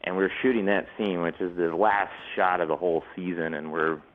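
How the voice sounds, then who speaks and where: A man in his forties, a guest on a talk show, telling lively stories and laughing often. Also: deep voice, a little fast, narrow, tinny audio. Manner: animated storyteller, laughs often, slips into quoted voices. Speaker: actor and guest. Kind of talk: casual interview chat.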